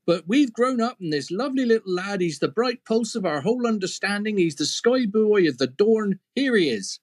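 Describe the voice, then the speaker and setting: A man voicing a doting country miller in a broad rural dialect, pitched high and eager. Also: expressive, normal speed, darkish tone. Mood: flustered, doting. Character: rustic old male miller, flustered and doting.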